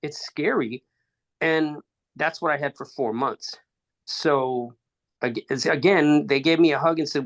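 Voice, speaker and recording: As a podcast guest, a man tells a personal story in halting phrases, restarting often and acting out quoted dialogue. His voice is a little high.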